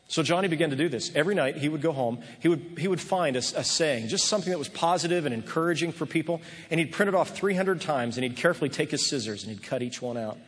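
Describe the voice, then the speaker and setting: A man delivers a sermon in a husky, slightly high voice. He tells his story earnestly, often restarting his phrases. His words ring out with a long reverb through a large church hall. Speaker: pastor.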